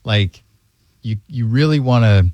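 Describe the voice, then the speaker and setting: A man's voice: medium pitch, measured pace, dry recording. A man hosting a casual talk show, rambling with lots of fillers as he talks with callers. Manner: rambling, warm-hearted, filler-heavy. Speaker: host. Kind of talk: casual podcast chat.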